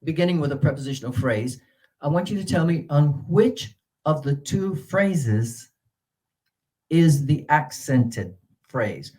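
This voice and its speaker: A man giving a workshop lecture to English teachers on word stress. He talks in halting stretches full of uh and restarts, then swoops his pitch up to model stressed syllables. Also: expressive, dark tone. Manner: halting, with many uh fillers and restarts.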